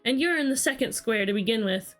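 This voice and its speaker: A woman reading aloud and voicing a brisk, bossy, commanding queen in a storybook reading. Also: a little high, lively intonation, a bit bright, soft background music. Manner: brisk, commanding, matter-of-fact.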